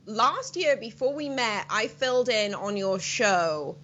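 A British woman in her late twenties chatting as a guest on a talk show, lively and full of quick asides. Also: fairly high pitch, highs cut off, a little hiss or hum. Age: 20s. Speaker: guest commentator. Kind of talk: casual chat.

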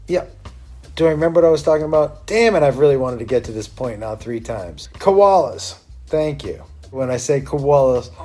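A man's voice: on the high side, a little mellow, husky. A man in a stoned state, rambling through a profane, tangent-filled commentary.

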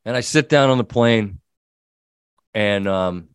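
A middle-aged man hosting a sports talk show, telling an animated story and acting out the people in it. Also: on the low side, takes it slowly, clear, resonant tone, no echo, clean studio sound. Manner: animated storyteller, quoting himself and others. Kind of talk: casual storytelling chat.

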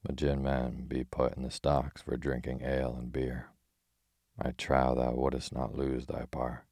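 A gruff tinker, quick to bristle, blusters in old-fashioned talk, as a man reads him in a storybook. The voice is very deep and nearly monotone. It sounds close and dry. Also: no echo, heavily acted. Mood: blustering. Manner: blustering, archaic speech.

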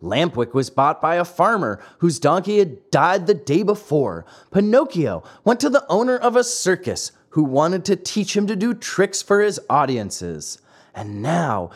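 Expressive male storybook narrator. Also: sits high, breathy edge. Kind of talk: storybook reading.

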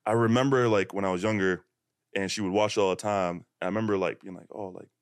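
A man's voice: fairly low pitch, fairly even intonation, fast talker, no room sound, studio quality. A man hosting a podcast in a casual, rambling way with lots of fillers. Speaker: podcast host. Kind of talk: casual chat.

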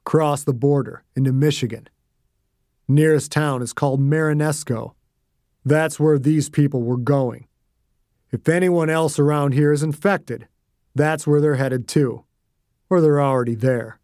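A man voicing a cold, sneering male killer who talks slowly and flatly. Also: fairly high pitch, dry recording, studio quality.

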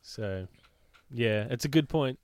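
A man's voice: medium pitch, expressive, takes it slowly, a little mellow, no room sound. A man co-hosting a podcast in casual chat, dropping dry wisecracks. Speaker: podcast co-host.

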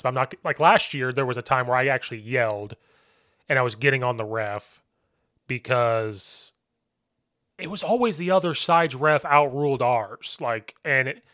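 Chatty football coach, dry close sound. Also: male voice, mid-range voice, no room sound. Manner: animated storyteller, acts out shouted quotes. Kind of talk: casual podcast chat.

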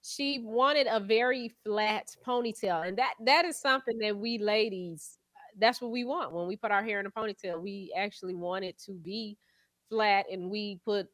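A woman's voice: medium pitch, normal speed, no echo, studio quality. A woman co-hosting a morning radio show with a Southern accent, chatting in a casual, explaining way. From Texas. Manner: chatty, explaining with warm asides.

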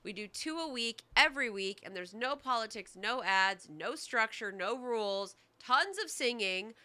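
A woman's voice: fairly high pitch, animated, normal speed, bright, forceful tone. A woman co-hosting a podcast in casual chat, full of laughing, profane banter. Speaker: podcast co-host.

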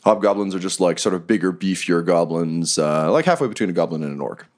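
A deep-voiced man runs a tabletop game as game master. His delivery is animated, rising and falling as he narrates the action. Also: quick pace. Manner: lively, laughing narration with shouted character lines.

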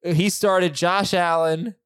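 A man hosting a podcast who has young kids, talking in easygoing, teasing casual banter with quick asides. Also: high voice, fairly even intonation, fairly bright tone, smooth, no echo, studio quality. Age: adult, parent. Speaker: podcast host.

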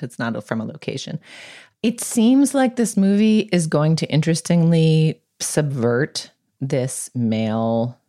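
A woman on a culture podcast panel, talking casually and sarcastically and slipping into mock voices when she quotes. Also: a bass voice. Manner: animated, sarcastic, mimics voices when quoting.

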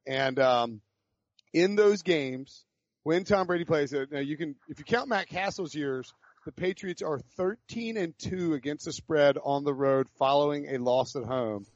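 A man co-hosting a casual sports podcast, lively and rattling off stats, laughing at his own jokes. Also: fairly high pitch, no room sound, muffled recording.

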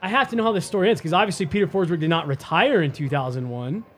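A man's voice: high voice, expressive, fast, fairly bright tone. A man hosting a casual chat, jumping in with eager questions. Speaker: podcast host.

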